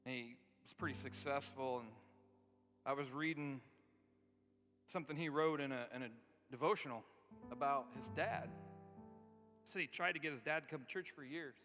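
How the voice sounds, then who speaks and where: A man preaching a sermon in a large church. He talks conversationally and swings from loud, emphatic lines to hushed, near-whispered ones. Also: mid-range voice, moderate pace, long pauses, over music. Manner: conversational, repeats and restarts words. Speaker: pastor. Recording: long hall reverb.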